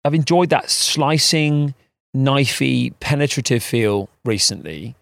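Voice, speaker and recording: An animated man rambles through a casual podcast chat and often pokes fun at himself. His pitch rises and falls a lot. The sound is dry and close to the mic. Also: slow pace, gravelly, no room sound. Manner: animated, rambling, self-mocking. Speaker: podcast co-host.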